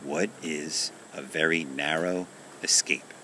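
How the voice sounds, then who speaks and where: Hushed riddling rooster from a bedtime storybook , a man reading him, deep slow voice. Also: fairly even intonation, a little hiss or hum, heavily acted. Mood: mysterious. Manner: soft, hushed and questioning. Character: gentle, riddling magical male rooster.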